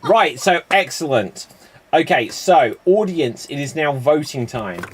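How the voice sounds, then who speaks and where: A man's voice: fairly high pitch, very animated, unhurried, slightly rough. A man hosting a live-streamed improv show, chatty and rambling between games.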